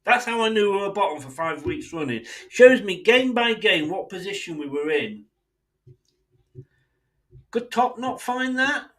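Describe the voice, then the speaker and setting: An exasperated English man delivers a blunt, sweary fan rant. His voice sits high for a man and swings widely in pitch. He slips into quick mimicry of other people as he makes his case. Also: big pitch swings, fairly bright tone. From England. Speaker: football fan channel host.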